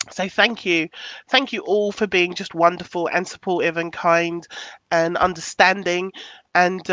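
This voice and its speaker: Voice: mid-range voice, pushed and bright, no room sound, highs cut off. A podcast host in casual chat, reading out listener comments, candid and affectionate, who swears casually.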